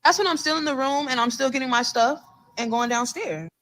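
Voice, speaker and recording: A woman's voice: high voice, brisk, a bit bright, poor audio. A young woman telling a personal story in a vlog, in an earnest, repetitive way. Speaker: storyteller in a played clip.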